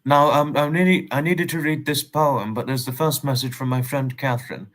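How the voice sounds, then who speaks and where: An English man at an everyday middle pitch chats through his livestream, greeting viewers one after another in polite, slightly formal phrases. He rambles and circles back, repeating himself as he goes. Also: steady tone, moderate pace, hardly any pauses, a bit bright. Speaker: livestream host. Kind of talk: casual livestream chat, greeting viewers and reading messages.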